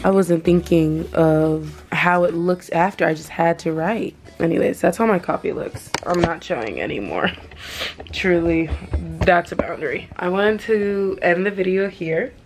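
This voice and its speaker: A young woman vlogging about books she read, emotional and gushing, talking in quick excited bursts. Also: fairly low pitch, over music. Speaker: book vlogger. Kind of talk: casual reading vlog chat.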